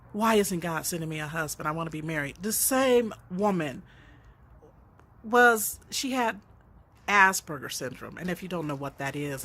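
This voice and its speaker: A woman's voice: fairly low pitch, a bit bright, breathy edge. A woman author and counselor giving an unscripted, earnest motivational talk, preaching and telling stories with dialogue.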